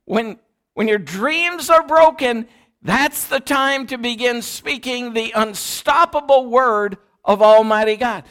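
A man's voice: very high voice, slow pace, sharp tone. A man preaching a sermon in a church, emphatic and repetitive, calling the congregation to repeat after him. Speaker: pastor.

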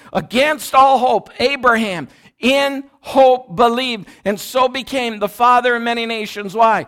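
A man's voice: very high-pitched, measured pace, fairly bright tone. A man preaching a sermon in a church, emphatic and repetitive, calling the congregation to repeat after him. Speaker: pastor.

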